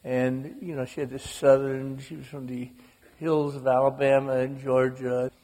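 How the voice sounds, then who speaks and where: A man in his sixties, an author telling wry, animated stories in an interview on stage before a live audience. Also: medium pitch, normal speed. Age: 60s. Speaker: author guest. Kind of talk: humorous storytelling interview. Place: onstage in a large auditorium. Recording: live auditorium echo.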